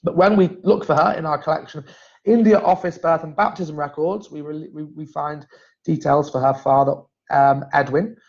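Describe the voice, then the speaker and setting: A man's voice: a little high, fairly even intonation, normal speed, a little mellow. A man presenting family history in a casual, chatty way, often restarting his sentences. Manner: chatty, self-correcting, frequent restarts. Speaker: genealogy presenter. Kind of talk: casual live-stream talk. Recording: dull lo-fi stream audio.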